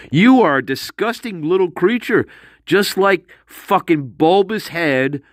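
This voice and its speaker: Male commentator, slow-paced profane rant, sneering, dry close sound. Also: on the high side, no room sound. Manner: profane, mocking, with scornful laughs. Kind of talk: angry ranting monologue.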